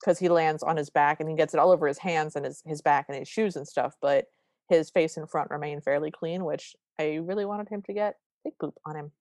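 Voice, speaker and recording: A woman's voice: sits low, a little fast, darkish tone, no echo, studio quality. A woman co-hosting a podcast, casually recapping a movie scene by scene and acting out the characters' lines. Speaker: podcast co-host.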